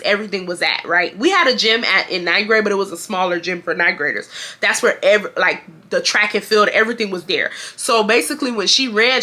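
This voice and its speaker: A woman in her twenties from Houston, telling a casual storytime in an animated, emphatic way that repeats lines for effect. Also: medium pitch. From Houston, Texas. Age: 20s. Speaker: vlogger.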